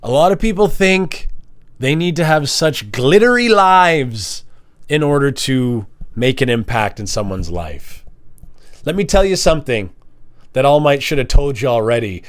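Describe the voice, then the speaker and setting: Animated man telling stories to camera. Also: mid-range voice, measured pace, no room sound, clean studio sound. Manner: animated, acts out quoted voices. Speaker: vlogger. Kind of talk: casual storytelling monologue.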